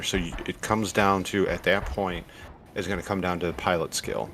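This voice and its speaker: A man giving casual gameplay commentary as a streamer, explaining tactics in a relaxed way with fillers and restarts. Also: low-pitched, moderate pace, background noise. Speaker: gaming streamer.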